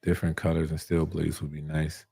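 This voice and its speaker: A man's voice: very deep voice, completely flat delivery, brisk, creaky, mellow, husky, no echo, studio quality. A young man who reviews barber tools, chatting casually on a live stream, reading viewer comments and answering in a laid-back, slangy way that repeats itself.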